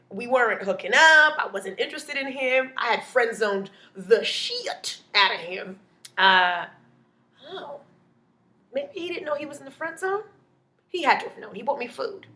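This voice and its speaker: A woman with a slightly high voice performs a stand-up comedy story, playful and animated, imitating the voices of other people as she goes.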